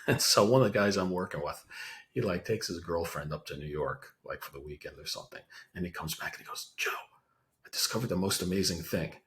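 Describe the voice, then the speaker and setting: A man's voice: deep voice, brisk, a bit bright, a little hiss or hum. A man with a New Jersey accent, co-hosting a podcast in casual chat and telling stories with chuckles. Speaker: podcast co-host.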